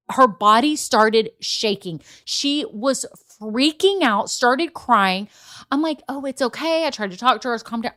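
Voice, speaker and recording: A woman's voice: fairly high pitch, fairly bright tone. Woman, forties, chatty solo podcast host, storytelling, asks the listener questions, laughs often. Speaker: podcast host and business coach.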